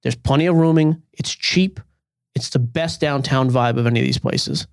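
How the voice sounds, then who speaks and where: A man's voice: mid-range voice, moderate pace, smooth, dry recording, studio quality. Blunt, teasing male podcast host. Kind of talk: casual chat.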